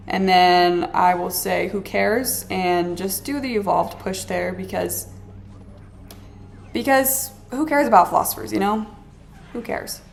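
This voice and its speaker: A woman vlogger talks over her mobile game in a casual, rambling rant, full of exasperated sarcasm and dramatic complaints. Her mid-range voice has a gravelly, fry-edged texture. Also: mid-range voice. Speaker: gaming vlogger. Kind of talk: casual ranting chat while playing a game.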